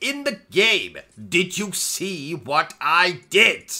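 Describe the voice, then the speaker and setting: Pompous comic game host. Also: male voice, high-pitched, very animated, takes it slowly, pushed and bright. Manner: pompous, insulting, boastful. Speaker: gaming comedy host. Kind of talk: comic gameplay commentary.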